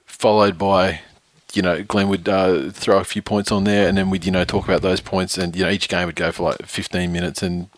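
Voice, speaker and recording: A man's voice: low-pitched, little pitch movement, a little fast, hardly any pauses, no room sound. A man co-hosting a podcast, chatting casually about sport, rambling with filler words, laughing often and swearing. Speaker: podcast co-host.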